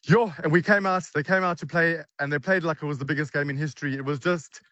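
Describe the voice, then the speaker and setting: A fast-talking South African man with a raised voice, gushing and breathless. He sounds out of breath and talks over himself. The line is dry, with no room around it. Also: on the high side, fairly bright tone, dry recording, highs cut off. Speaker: guest. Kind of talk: excited phone-in interview. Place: outside stadium at night.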